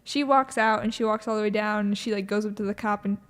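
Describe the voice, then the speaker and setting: A young woman co-hosting a podcast, retelling a film scene in casual chat and acting out the quoted lines with quick shifts of voice. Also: clear, resonant tone, long reverb tail. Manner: animated storyteller, acts out quoted lines with shifts of pitch. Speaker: podcast co-host.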